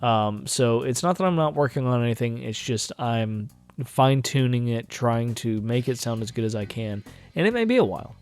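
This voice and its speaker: A man's voice: mid-range voice, expressive, normal speed, a little mellow, clear, resonant tone, soft background music. A man hosting his own vlog, talking casually and self-critically, with many fillers and restarts. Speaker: channel host.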